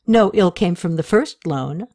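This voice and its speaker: A woman's voice: lowish voice, expressive, a little slow, warm tone. A woman reading the part of a proud, impatient queen who talks in a commanding way. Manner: commanding, exasperated.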